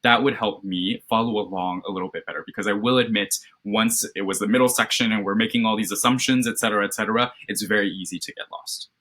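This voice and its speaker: A man with a slightly low, husky voice gives a candidate structured feedback after a mock interview. His tone is bright and encouraging, and he checks in often with "right?". He is speaking over a video call. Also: fairly even intonation, fast, hardly any pauses.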